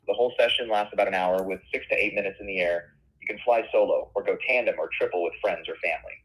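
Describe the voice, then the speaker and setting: A man's voice: lowish voice, fairly bright tone. A man's synthetic voice speaking as an upbeat, polished customer service phone agent. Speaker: AI voice agent for a tour company. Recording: phone-line sound.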